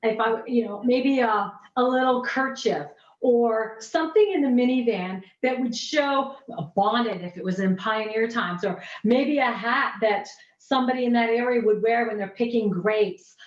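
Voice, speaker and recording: A woman coaching on pitching during a video call workshop, animated and gushing, often restarting her sentences. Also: moderate pace. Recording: dull, roomy, distant video call audio.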